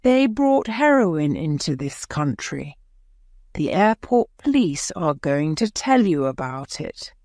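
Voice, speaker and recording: A woman's voice: sits low, big pitch swings, slow pace, a little mellow, dry recording, studio quality, exaggerated voice. A woman voicing a stern male prosecutor speaking formally to a jury. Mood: grave. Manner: grave, formal.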